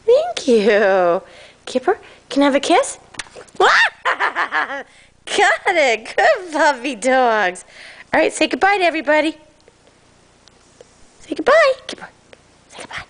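A woman's voice: sits high, sing-song, slow pace, creaky, fairly bright tone. A woman at home showing off her dogs' tricks, coaxing them in a sing-song voice. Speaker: dog owner. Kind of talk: casual home video, talking to her pets.

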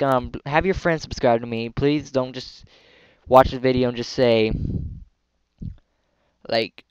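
A young man hosts a casual gameplay video, chatting and rambling with frequent giggles in a clear, resonant mid-range voice. There's no room sound, and the dry mic sounds dull and lo-fi.

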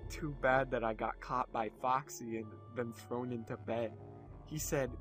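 A young man co-hosting, reading out an absurd fan story aloud in a crude, deadpan way. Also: mid-range voice, a little slow, faint music behind. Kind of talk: casual comedic dramatic reading.

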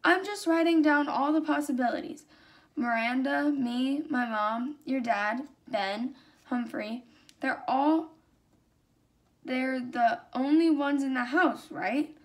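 Young woman playing a sour storybook girl, suspicious, sharp-tongued, high voice. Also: slow.

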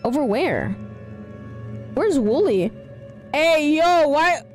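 A young woman in her late teens with a girlish, childlike voice, chatting excitedly and giggling as she streams a game and thanks donors. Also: sits high, slow pace, soft background music. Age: young adult. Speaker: live streamer. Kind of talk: casual livestream gaming chatter.

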